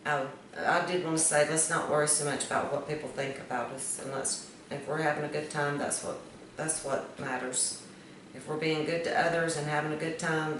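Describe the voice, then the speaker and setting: A woman reading children's stories aloud in a gentle, moralizing way, often ending with a rhetorical question. Her voice is distant and very echoey, with steady noise behind it. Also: low-pitched. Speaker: storyteller.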